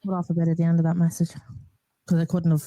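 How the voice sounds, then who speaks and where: Exasperated woman, warm dry voice. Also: lowish voice, completely flat delivery, no echo, low-quality recording. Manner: indignant, exasperated, fast. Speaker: presenter. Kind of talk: live-stream commentary.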